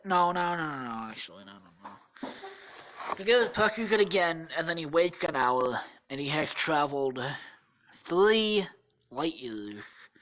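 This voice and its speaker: Tired woman, low voice, rambling made-up story, lots of swearing, podcast host. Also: rough recording. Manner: rambling, profane, self-correcting. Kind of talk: improvised storytelling.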